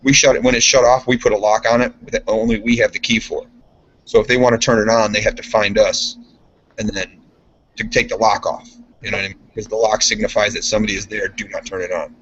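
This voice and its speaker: A man's voice: lowish voice, flat delivery, quick pace, a bit bright, breathy edge. Brief: foul-mouthed working man, rambling anecdotes, casual, muffled lo-fi sound. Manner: profane, rambling storyteller. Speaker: guest, steel mill worker. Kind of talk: casual chat. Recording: dull lo-fi podcast audio.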